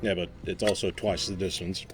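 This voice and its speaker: A young man with a slightly low voice, co-hosting a podcast. He talks casually and swears often, with dry, crude humor. Faint background music sits under his voice. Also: little pitch movement, a little fast. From Birmingham, Alabama. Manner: crude, profane, dry joking. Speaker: podcast co-host. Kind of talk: casual chat.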